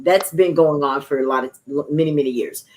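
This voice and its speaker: Woman host, low-pitched, preachy and encouraging delivery, chatty emphasis. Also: fairly quick, darkish tone. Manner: declaring, encouraging, laughing asides. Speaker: talk show host.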